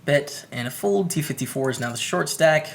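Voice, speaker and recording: A man's voice: on the high side, expressive, moderate pace, vocal fry, noisy background. A man with a Canadian English accent gives upbeat, chatty commentary on his poker hands while streaming live and greeting viewers by name.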